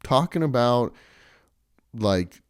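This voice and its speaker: A man's voice: lively intonation, takes it slowly, clean tone, no room sound, clean studio sound. A man vlogging in a casual, rambling monologue, chatty and sarcastic. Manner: chatty, sarcastic, mocks others in shrill impressions.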